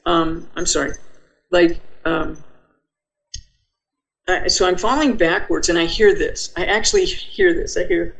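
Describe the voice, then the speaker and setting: A woman's voice: lowish voice, animated, normal speed, fairly bright tone, low-quality recording. An older woman, a podcast guest, telling a personal story vividly and acting out her own thoughts as she goes.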